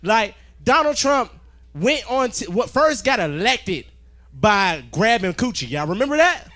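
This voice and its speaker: A stand-up comedian man with a very high voice, loud and animated. He swears freely into a handheld mic on a club stage. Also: a little slow. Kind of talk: stand-up set.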